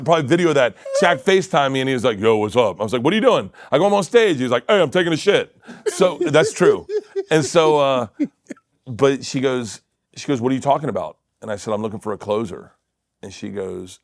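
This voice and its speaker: A middle-aged man, a comedian guest, telling animated family stories in casual chat and acting out quotes with cursing. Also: mid-range voice, a little fast, no room sound, studio quality. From Florida.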